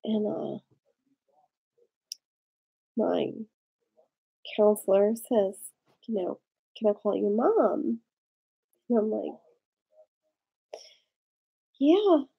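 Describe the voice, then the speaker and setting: A woman vlogger telling a personal story in a rambling, halting way, tipsy and tearful. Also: medium pitch, lively intonation, vocal fry, slightly rough, lo-fi sound. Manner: rambling, halting, with frequent fillers and swearing. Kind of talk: casual confessional storytelling.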